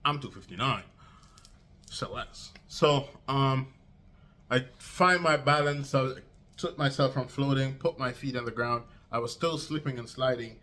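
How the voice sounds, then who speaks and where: Young guy spinning a storytime, bright forceful voice, slangy, swears a lot, acts out the lines. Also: unhurried. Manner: animated, acts out quotes with big pitch jumps. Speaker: vlogger. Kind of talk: casual storytime monologue.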